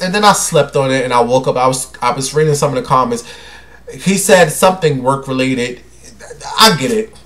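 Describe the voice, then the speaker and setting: A man's voice: mid-range voice, moderate pace, fairly bright tone. A young man hosting his own show, chatting casually and dramatically, calling listeners honey and baby. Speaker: host. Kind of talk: casual solo chat.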